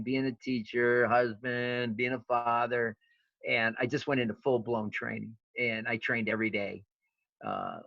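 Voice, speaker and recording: A man in his fifties, a wrestling coach, telling stories in an interview, animated and full of fillers and restarts. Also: lowish voice, no echo. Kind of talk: storytelling interview. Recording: dull lo-fi sound, dry.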